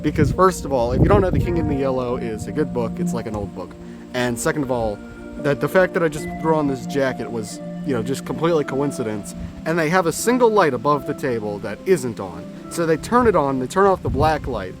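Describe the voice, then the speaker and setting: In a mid-range, expressive voice and at a fairly quick clip, a young man rambles through a casual story, dropping profanity here and there and correcting himself. Clear background music can be heard behind him.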